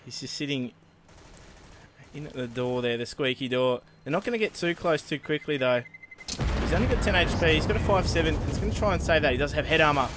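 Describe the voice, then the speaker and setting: Male esports caster, slightly high voice. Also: background noise. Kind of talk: esports commentary.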